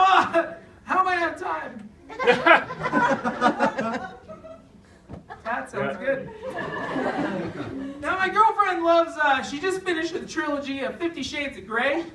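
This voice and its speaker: A young male comedian works a stand-up set in a slow, unhurried delivery, chuckling at his own lines and bursting into shouts. He is heard from across an echoey club room. A loud laughing crowd and constant noise fill the background. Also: very high-pitched, recorded from a distance. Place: comedy club stage before a live audience. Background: audience laughter and room noise.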